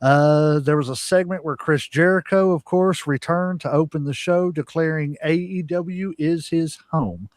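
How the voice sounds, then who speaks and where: A man's voice: fairly high pitch, measured pace, hardly any pauses, no echo, clean studio sound. A man co-hosting a podcast, casually reading weekly wrestling results with lots of "uh" fillers. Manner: reads results with frequent "uh" fillers. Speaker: podcast co-host.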